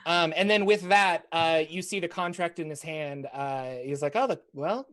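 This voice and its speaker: A woman's voice: low voice, fairly even intonation, moderate pace, fairly bright tone. A woman narrating as game master in a chatty way, full of fillers.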